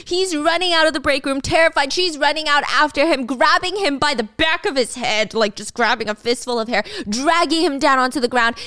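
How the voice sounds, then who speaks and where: A woman's voice: high voice, expressive, normal speed, hardly any pauses, bright, forceful tone, dry recording, studio quality. A woman hosting a casual drama recap, chatty and blunt, with casual swearing. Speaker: host.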